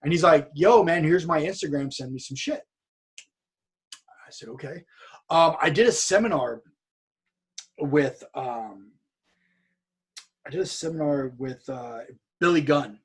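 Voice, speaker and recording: A man's voice: fairly high pitch, a little slow, pauses often, slightly rough. A man from California telling a story in a casual podcast chat, acting out what other people said. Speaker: podcast guest.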